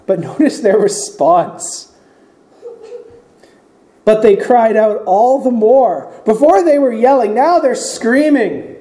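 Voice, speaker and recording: Male pastor, sermon, mellow voice, roomy echoey church sound. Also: sits high, a little slow. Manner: expository preaching, acting out quoted voices.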